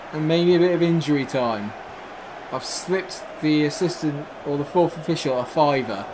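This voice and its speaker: Young gamer narrating football matches, excitable and a little high, faint noise behind. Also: male voice, normal speed. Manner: excitable, shouts at the screen. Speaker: gaming YouTuber. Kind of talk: live football game commentary.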